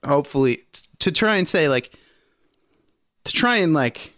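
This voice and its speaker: In studio-quality, dry audio, a man co-hosting a podcast rambles through a profane story with plenty of laughter. His fairly bright voice sits on the high side, with lively intonation and normal speed, in a casual chat.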